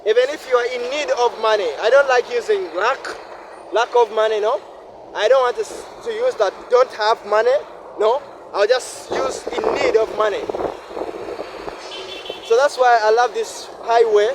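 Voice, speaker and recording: A man with a Ugandan English accent, hoarse from a flu and cough, vlogging in a reflective, repetitive way beside a highway. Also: fairly even intonation, normal speed. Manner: reflective, repeats phrases, shifts into a deeper voice at times. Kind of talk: casual vlog monologue. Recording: noisy outdoor recording with wind. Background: traffic and wind.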